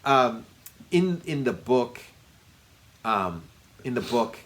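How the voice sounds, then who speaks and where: A man's voice: mid-range voice, sing-song, takes it slowly, slight background noise. Man chatting casually about films. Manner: laughing, breaks into loud mocking impressions. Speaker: podcast co-host. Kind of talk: casual film review chat.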